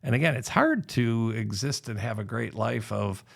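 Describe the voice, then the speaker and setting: A man's voice: mid-range voice, normal speed, vocal fry, slightly rough. A middle-aged man talking as a podcast guest in casual conversation, telling stories animatedly and acting out what people said. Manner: animated storytelling, acts out quoted voices.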